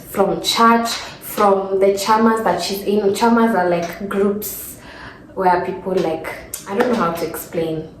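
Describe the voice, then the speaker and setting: A woman's voice: mid-range voice, darkish tone, reverberant, a little hiss or hum, poor audio. Teary young Kenyan woman vlogging. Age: 20s. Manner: chatty, rambling with many fillers and restarts. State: emotional, close to tears. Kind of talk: casual sit-down storytime.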